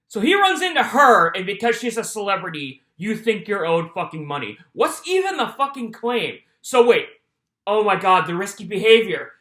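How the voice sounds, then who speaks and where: A video commentator reacting to courtroom footage in an animated rant full of swearing. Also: medium pitch, normal speed.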